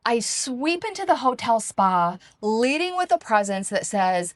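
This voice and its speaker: A woman reading her own travel memoir aloud in a calm, reflective, measured way. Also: medium pitch, no echo. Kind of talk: first-person memoir reading.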